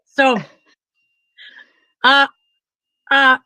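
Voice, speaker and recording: A woman co-hosting a talk show, telling a funny story in a casual, animated way and acting out what others said. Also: sits high, very slow, dry recording. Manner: animated, frequent laughter, acts out quotes. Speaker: podcast co-host.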